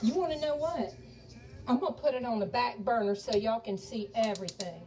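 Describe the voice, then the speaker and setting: A woman's voice: a little high, fairly quick, darkish tone, far from the mic, slight background noise, rough recording. A woman from Charleston with a Southern American accent, hosting a live cooking demonstration in a home kitchen and chatting folksily to her viewers as she cooks. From Charleston, South Carolina. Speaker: cooking show host. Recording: voice a bit off-mic with faint music behind.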